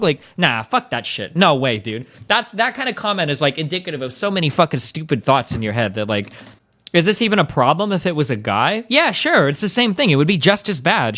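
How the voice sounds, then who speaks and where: A man's voice: high-pitched, fairly bright tone. A young man streaming, ranting and arguing in a profane, heated, casual way. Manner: profane, fast, argumentative.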